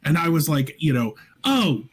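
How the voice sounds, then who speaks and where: A man talking as a guest on a podcast over a voice call, sharing a gaming story in a relaxed, hesitant way. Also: mid-range voice, moderate pace. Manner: relaxed, hesitant, many fillers. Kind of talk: casual chat.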